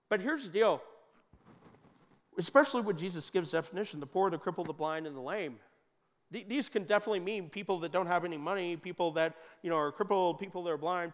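A man preaching a sermon in a church, talking conversationally and joking, with sudden loud bursts. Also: high voice. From United States. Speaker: pastor. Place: church hall. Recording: long hall reverb.

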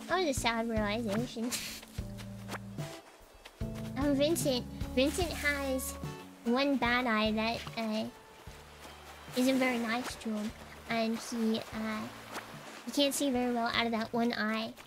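A woman streamer with a high voice chats casually while she plays. She tells her stories in a chatty way and giggles often. Game music plays clearly behind her. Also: fairly even intonation, takes it slowly, long pauses. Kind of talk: casual chat while gaming.

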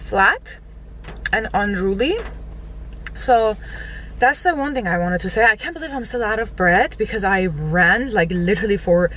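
A woman's voice: medium pitch, fairly bright tone, slight background noise, low-quality recording. A woman in her thirties chatting casually to her viewers in a lifestyle vlog, gushing and full of fillers. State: out of breath. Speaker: lifestyle vlogger. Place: in a car.

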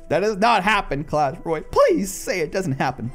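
A man giving live commentary over his own mobile game matches, casual and excitable, often breaking into loud disbelieving shouts. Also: high voice, normal speed, hardly any pauses, soft background music. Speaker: gaming channel host.

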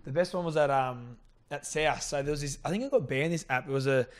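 A man's voice: on the high side, fairly quick. A man, a guest in casual chat, rambling through stories, swearing freely and acting out what others said. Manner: rambling storyteller, swears freely, acts out quotes. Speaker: guest, rugby league player.

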